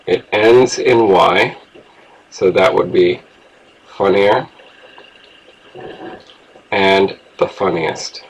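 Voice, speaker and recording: A man's voice: lowish voice, poor audio. A man teaching an English grammar lesson, explaining rules patiently and spelling words out letter by letter.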